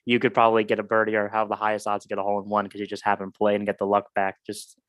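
A man co-hosting a podcast, speaking in a measured, reflective way in casual chat. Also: lowish voice, monotone, a bit bright, dry recording. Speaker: podcast co-host.

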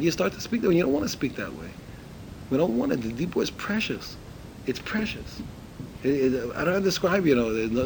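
A man's voice: mid-range voice, slight background noise, rough recording. An older man teaching Torah in an informal talk. He tells stories with lots of expression, acting out the dialogue, and often repeats and restarts his phrases. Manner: animated storytelling, acts out dialogue in a raised voice.

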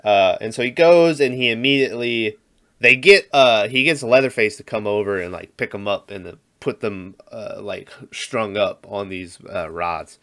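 A man's voice: lowish voice, normal speed, a bit bright. A man co-hosting a podcast, casually recapping a movie, rambling and laughing often. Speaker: podcast co-host.

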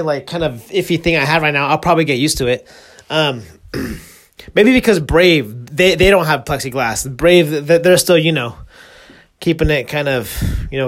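A young man talking casually in a rambling, joking way on his solo podcast, full of restarts and fillers. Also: on the high side. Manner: laid-back, joking. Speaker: podcast host.

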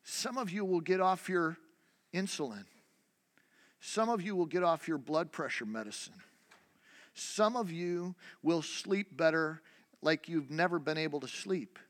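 Pastor guy preaching, chatty, lots of questions, high voice, church echo. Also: animated, unhurried. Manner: conversational preaching, rhetorical questions, repeated restarts. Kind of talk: sermon. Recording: long hall reverb.

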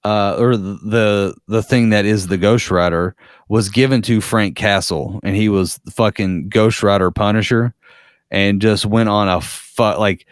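Low-voiced man telling a rambling story. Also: steady tone, a little slow, clean tone, no room sound, studio quality. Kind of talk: casual chat.

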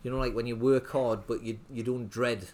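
A man's voice: mid-range voice, fairly even intonation, moderate pace, a little mellow. A young man, a restaurant owner telling his story in a casual interview, rambling with lots of fillers and restarts. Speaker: restaurant owner, podcast guest.

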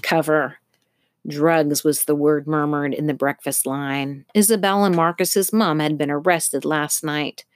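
A woman narrating an audiobook with expressive storytelling. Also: sits low, unhurried, hardly any pauses, no echo, clean studio sound. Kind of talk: scripted narration.

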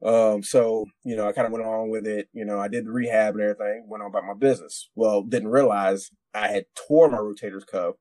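A man's voice: fairly low pitch, fairly even intonation, fairly quick, hardly any pauses, mellow, no room sound. A man, a military veteran, tells a war story on a podcast in a rambling, profane way, with many restarts. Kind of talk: casual storytelling.

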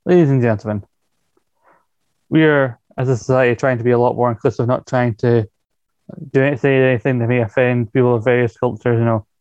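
A man's voice: medium pitch, darkish tone. A Scottish man talks wrestling in a blunt, mocking way, swearing freely. His voice comes through a somewhat dull, lo-fi mic in a dry space without echo. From Scotland. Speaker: podcast co-host. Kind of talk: casual chat, wrestling recap.

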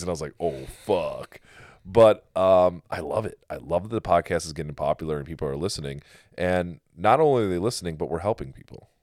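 A man hosting a casual home podcast, telling stories with swearing and animated quoted asides, recorded in a basement. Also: deep voice, dry recording, clean studio sound. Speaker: podcast host.

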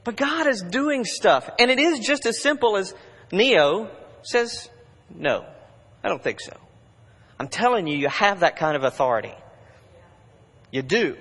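A man preaching to his congregation, his voice sitting a little high for a man and ringing with a long hall reverb. He talks in a conversational way, pushing hard in urgent bursts and then dropping to quiet asides. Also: lively intonation, measured pace. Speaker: pastor. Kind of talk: sermon.

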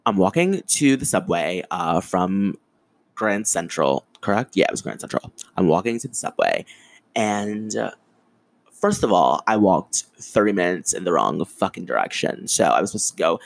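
Animated, swearing young male podcast host. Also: sits low, vocal fry, no echo. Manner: animated, swearing, ranting storyteller. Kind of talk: casual solo storytelling.

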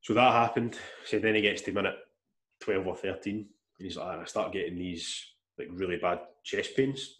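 A man telling a long story in casual chat, rambling and animated, with restarts and swearing. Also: sits low, normal speed. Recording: echoey room.

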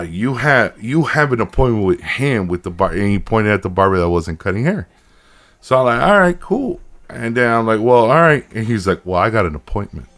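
A man's voice: fairly low pitch, a bit bright. A man in his thirties, a podcast co-host, telling a story in casual chat, acting out both sides of a conversation and swearing when worked up.

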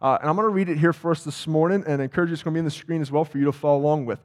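A man's voice: fairly high pitch, rapid-fire. A man preaching a sermon as campus pastor, talking casually and asking the congregation questions. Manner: conversational, asks the congregation questions. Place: church sanctuary.

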